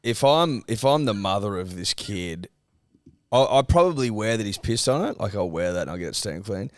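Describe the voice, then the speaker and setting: Aussie host, lowish voice that jumps around a lot, blunt sweary banter, dry close mic. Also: male voice, animated, normal speed, dry recording. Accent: Australian. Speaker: podcast host. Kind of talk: casual chat.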